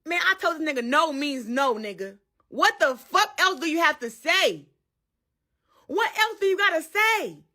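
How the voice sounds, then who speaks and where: A woman in a played live stream clip, ranting bluntly and swearing. Her voice is a touch high and cuts through bright and forceful. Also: lively intonation, normal speed. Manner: heated, blunt and profane. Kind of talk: casual live stream rant.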